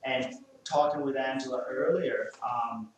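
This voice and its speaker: A man with an Australian accent, working as a dog trainer, coaching an owner and gently giving commands to a timid dog. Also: medium pitch, a little slow. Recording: very echoey, from a distance, faint noise.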